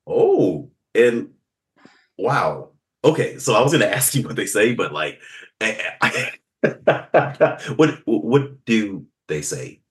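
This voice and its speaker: A man's voice: on the low side, sing-song, slow. A man hosting a podcast in a casual, chatty way, with lots of fillers and frequent laughs. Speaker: podcast host.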